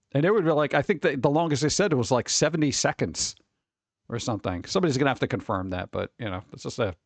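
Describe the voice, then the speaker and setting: Wisecracking man with a lively voice. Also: mid-range voice, no echo. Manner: wisecracking, sarcastic asides. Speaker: streamer host. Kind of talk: casual live-stream chat.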